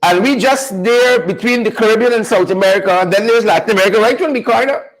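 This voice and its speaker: A man with a high-pitched voice hosts a live news commentary show. He sounds folksy and a little preachy, repeating lines and calling out to his viewers as he goes. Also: fast talker, rough recording. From Guyana. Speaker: show host.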